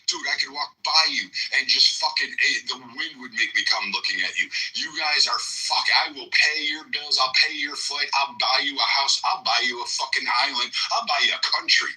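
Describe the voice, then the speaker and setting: A man's voice: medium pitch, normal speed, hardly any pauses, sharp tone, rough recording. Fired-up, foul-mouthed ranting man. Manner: profane, aggressive, mocking rant. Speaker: participant in a live audio chat room. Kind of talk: heated live audio-room debate.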